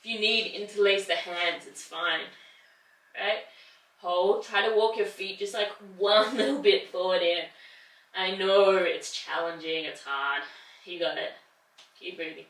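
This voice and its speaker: A woman's voice: medium pitch, fairly even intonation, unhurried, fairly bright tone, roomy sound, distant mic, low-quality recording. A woman leading a yoga class, cheering the listener on as she holds the poses herself and strains along with them. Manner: encouraging, pushes through effort and laughs at the strain. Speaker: yoga instructor. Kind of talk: guided yoga class instruction.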